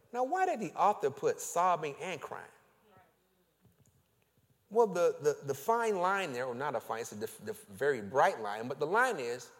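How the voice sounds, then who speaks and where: A male pastor preaching a sermon, leading his congregation in call and response with slow, drawn-out emphasis. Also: medium pitch. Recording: long reverb of a church hall.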